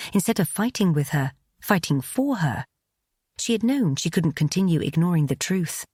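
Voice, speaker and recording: A woman narrating an audiobook in a measured, even storytelling delivery, recorded close on a studio mic. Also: on the low side, husky, no echo.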